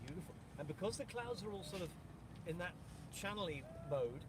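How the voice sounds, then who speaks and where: A man's voice: high voice, lively intonation, brisk. A man with an English accent chatting cheerfully and playfully from his kayak out on the water. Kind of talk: casual chat.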